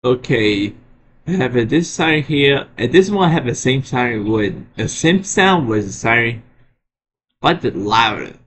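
A man presenting his alarm sirens in a casual show-and-tell vlog, often halting and restarting his sentences. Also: medium pitch, lively intonation, noisy background. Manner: halting, frequent restarts and repeated words. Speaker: vlogger showing alarm sirens.

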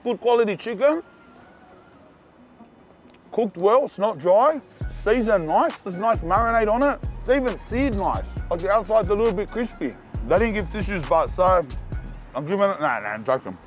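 A young man with a Sydney accent reviewing burgers in a casual vlog, talking in loud slangy banter. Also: moderate pace, faint music behind. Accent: Australian, Sydney. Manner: loud slangy banter, animated swings in pitch. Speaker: food reviewer and vlogger. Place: outdoors and in burger shops around the city.

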